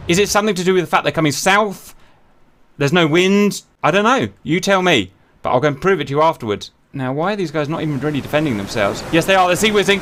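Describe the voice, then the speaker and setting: A man commentating a simulated naval battle to his viewers, animated and jokey, swearing as things go wrong. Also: sits high. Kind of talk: excitable game commentary.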